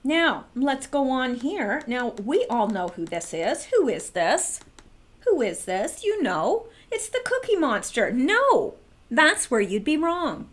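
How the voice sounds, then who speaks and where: A middle-aged woman hosting a trivia video, chatting with wry asides to viewers and pitch jumps for emphasis. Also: sing-song, slow. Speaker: video host. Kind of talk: casual chat about trivia facts.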